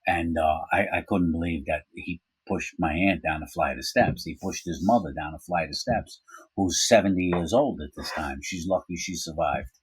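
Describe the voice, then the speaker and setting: A man's voice: low-pitched, normal speed, breathy edge, no room sound, poor audio. A man telling a personal story in a casual, rambling way, full of asides and fillers.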